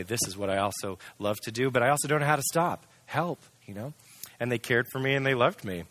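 A man's voice: medium pitch, fairly bright tone, no echo. A man candidly telling his personal testimony in an earnest, storytelling way. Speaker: testimony speaker.

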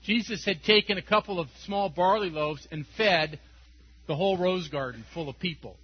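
A man's voice: high-pitched, normal speed, slightly rough, highs cut off. A man preaching a sermon as pastor, conversational and telling stories with chuckles.

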